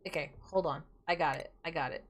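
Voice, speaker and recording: A woman's voice: sits low, a little fast, slight background noise. A woman streaming a game, chatting casually, muttering to herself and breaking into playful outbursts.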